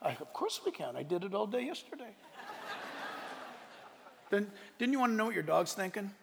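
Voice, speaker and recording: A man preaching a sermon, animated and joking, slipping into playful voices for the characters he describes. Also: high voice, normal speed, gravelly, background noise. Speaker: pastor. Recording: hall reverb.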